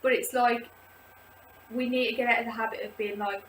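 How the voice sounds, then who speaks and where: A woman's voice: fairly high pitch, normal speed. A woman talking casually and rambling, with lots of filler words, as she leads a support group video. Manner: chatty and rambling, many "like" fillers. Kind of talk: casual personal talk to camera. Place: indoors, seated. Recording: roomy echo, distant from mic, faint background noise.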